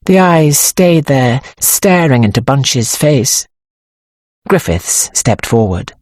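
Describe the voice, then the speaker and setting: A woman narrating an audiobook in a measured, expressive storytelling manner, close to the microphone. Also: rumbling low, dry recording. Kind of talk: scripted narration.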